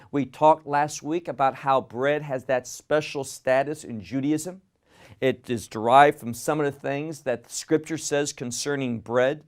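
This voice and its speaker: A man's voice: a little high, a little mellow. A man teaching a Bible lesson in sermon style, emphatic, repeating words for stress and asking rhetorical questions.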